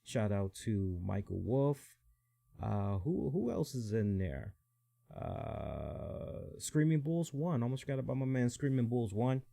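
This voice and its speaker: A man's voice: medium pitch, very animated, slow pace, creaky, warm tone, no room sound. A man hosting a wrestling podcast, talking loosely in a casual chat and repeating his phrases. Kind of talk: casual chat and reading a quote aloud.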